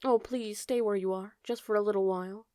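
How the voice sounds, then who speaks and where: A woman's voice: a little high, animated, moderate pace, dry recording, clean studio sound. A woman voicing a curious, eager young male fawn who asks polite, wondering questions.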